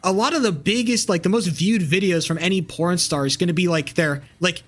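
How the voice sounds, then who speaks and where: A man's voice: high voice, fairly quick, fairly bright tone, soft background music. Rambling crude young male streamer. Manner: rambling, crude, many fillers and restarts. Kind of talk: casual rambling stream chat.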